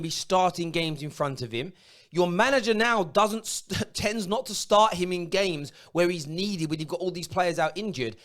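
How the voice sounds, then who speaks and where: A man hosting a football fan phone-in, ranting and swearing at viewers. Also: sits high. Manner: ranting, swearing, shouting at fans. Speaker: football talk show host.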